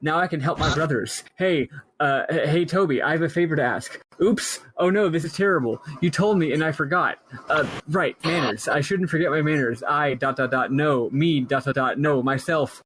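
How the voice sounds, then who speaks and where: A man's voice: fairly high pitch, normal speed, few pauses, a bit bright, slight background noise, natural voice, rough recording. A man voicing a young male bandit who talks in a scattered, forgetful way. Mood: flustered.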